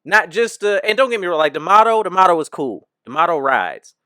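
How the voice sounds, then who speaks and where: A man's voice: sits high, big pitch swings, fairly quick, pushed and bright, clear, resonant tone, no room sound, studio quality. A man hosting a comedy podcast, talking in a loose, slangy way and laughing often. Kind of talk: casual chat.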